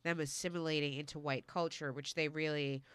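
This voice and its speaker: A woman's voice: deep voice, steady tone, a little fast, smooth, no room sound, studio quality. A woman hosting a casual chat, talking loosely with many fillers. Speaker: host.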